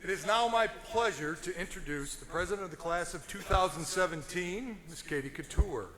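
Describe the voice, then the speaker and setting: A man introducing the next speaker at a graduation ceremony, reading in a measured way from notes. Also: high-pitched, crowd noise. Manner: measured, reads from notes, corrects himself. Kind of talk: formal introduction.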